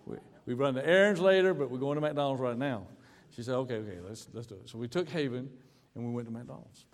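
A man's voice: mid-range voice, fast. A man with an American accent preaching a sermon, telling a personal story with frequent repeated words and restarts. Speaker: pastor. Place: church sanctuary. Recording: long hall reverb.

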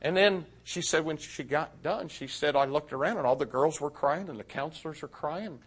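A man preaching a sermon, telling a story and swinging from loud to hushed. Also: on the high side, normal speed, breathy edge.

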